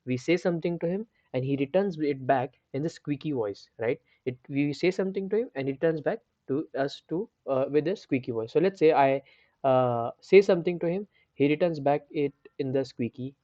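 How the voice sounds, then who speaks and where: A man's voice: on the high side, a little fast, mellow, no echo, highs cut off. A man hosting a coding tutorial, explaining step by step and checking in with repeated "right?" and restarts. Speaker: programming tutor. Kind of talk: screen-share coding tutorial.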